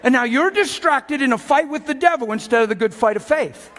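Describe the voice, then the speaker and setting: Energetic male preacher, exhorting, high-pitched, echoing hall with audience. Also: a little fast. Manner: animated, exhorting, acts out voices. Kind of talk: lively sermon with acted skits.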